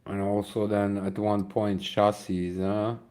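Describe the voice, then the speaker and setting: A tired, yawning young man with a Dutch accent talks his way through a mobile racing game, thinking aloud to his viewers. His voice sits somewhat low, and he speaks in an unhurried drawl. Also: monotone, darkish tone. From Netherlands. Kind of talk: casual gameplay commentary.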